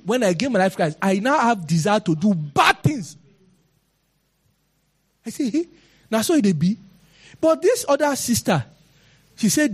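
A man's voice: sits high, a little mellow, husky. A man with a Nigerian accent preaching a sermon and telling his own testimony, acting out the people he quotes.

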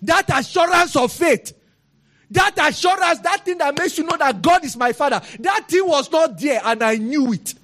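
A man's voice: very high voice, lively intonation, normal speed, fairly bright tone. A man with a Nigerian accent preaching a sermon and telling his own testimony, acting out the people he quotes.

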